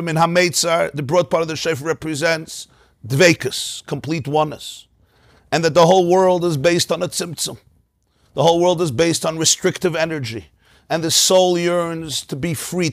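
A man teaching a Torah class in a study hall, telling stories in a lively way, with many Yiddish and Hebrew terms. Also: on the high side, clean studio sound.

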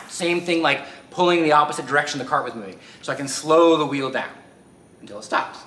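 A man's voice: fairly high pitch, brisk, sharp tone. A man explaining physics step by step as he demonstrates with a spinning wheel. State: a little out of breath. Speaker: physics teacher. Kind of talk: hands-on science demonstration. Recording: roomy echo, faint ambience.

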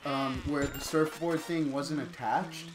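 Heavy background noise and video game music fill the echoey room as a young man, co-host of a gaming channel, slowly tells a profane story with plenty of laughing over gameplay. His voice is a little high, its intonation fairly even.

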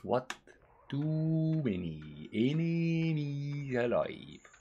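A man's voice: fairly high pitch, sing-song, extremely slow, highs cut off, a little hiss or hum. A man commenting on his own gameplay, trash-talking the game's enemies and breaking into sing-song scatting. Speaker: gaming channel host. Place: at a computer, playing a game. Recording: loud keyboard clicking behind voice.

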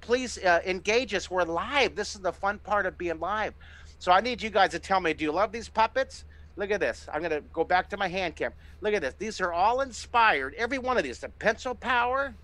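A middle-aged man hosting a live online drawing lesson, giving excited, encouraging step-by-step instructions as he sketches. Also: high voice, fairly quick. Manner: enthusiastic, encouraging, exclamatory. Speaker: drawing teacher and host.

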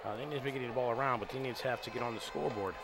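A man calling play-by-play for a high school football game in a measured, steady way, recorded at an outdoor stadium. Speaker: play-by-play announcer. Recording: outdoor stadium noise behind the voice.

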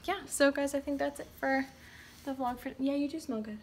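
A woman's voice: sits high, brisk, slight background noise. A woman vlogging at home about family life, casually chatting and laughing as she tells stories to the camera. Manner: animated, laughs often while telling a story. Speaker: vlogger and mother. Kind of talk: casual family vlog chat. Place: home, at the dinner table.

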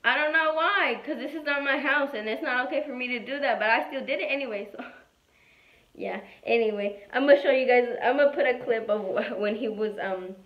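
A woman's voice: sits high, a little fast. A young adult woman vlogging in casual chat, rambling with many fillers and swearing freely. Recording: echoey room, dull lo-fi sound.

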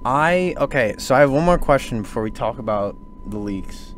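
A man hosting a casual podcast chat, animated and ranting, swearing freely. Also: mid-range voice, moderate pace, a little hiss or hum. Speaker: podcast host.

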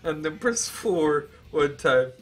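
A man in his twenties on a live stream, telling a rambling, profane story with great excitement. He is emotional and close to tears. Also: fairly high pitch, takes it slowly.

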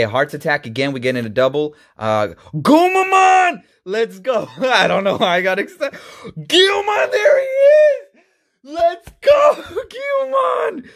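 A man hosting a casual card-opening video, excitable and quick to burst into shouts, often stumbling over names. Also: medium pitch. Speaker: YouTube host.

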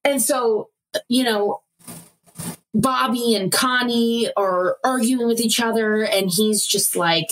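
Husky-voiced woman recapping with laughs. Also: a little high, takes it slowly. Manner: animated retelling, laughing, acting out quotes. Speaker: podcast co-host. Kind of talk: casual recap chat.

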